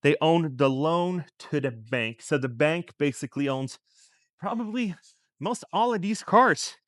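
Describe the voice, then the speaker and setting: A man's voice: fairly high pitch, animated, unhurried, a bit bright, dry recording, clean studio sound. A man vlogging about personal finance in casual commentary, talking to viewers in a conversational way and firing off rhetorical questions. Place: outside a store in a shopping district.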